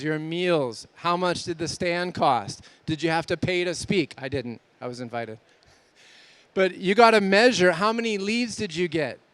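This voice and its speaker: A man giving an energetic conference talk to exhibitors, asking many rhetorical questions. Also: high-pitched, smooth, dry recording. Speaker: conference speaker.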